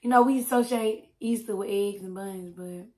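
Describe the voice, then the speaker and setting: A woman from Alabama with a Southern accent, hoarse and deep-voiced, chatting casually to viewers as the host of an eating show. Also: moderate pace, mellow. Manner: chatty and affectionate, says y'all. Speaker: mukbang host.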